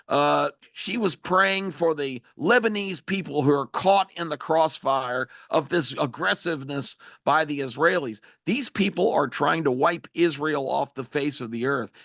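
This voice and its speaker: A man's voice: fairly high pitch, gravelly, fairly bright tone, no echo, studio quality. A man hosting a talk radio show, giving emphatic, opinionated political commentary.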